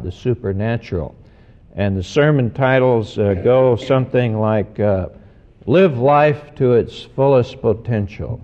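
A man, a pastor, giving an earnest sermon, slowing down to stress key words. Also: mid-range voice. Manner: measured, earnest preaching with slowed emphasis. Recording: dull recording with long hall reverb.

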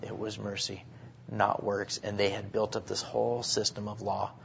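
A man preaching a sermon, swinging between hushed, drawn-out phrases and sudden emphatic bursts. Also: lowish voice, completely flat delivery, vocal fry, slight background noise. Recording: dull lo-fi sermon recording.

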